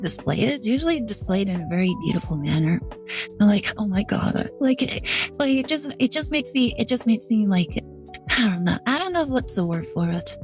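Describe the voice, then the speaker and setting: A woman's voice: on the high side, darkish tone. A woman streaming a game playthrough, chatting casually in a rambling way, full of fillers and restarts, and getting emotional when moved. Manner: rambling, heavy use of "like", many restarts. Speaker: VTuber streamer.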